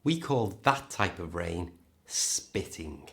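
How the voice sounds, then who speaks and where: A man with a British accent teaching a pronunciation lesson, modelling each word slowly and clearly. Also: lowish voice, lively intonation. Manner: slow, clear, modelling words for the learner. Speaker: English teacher.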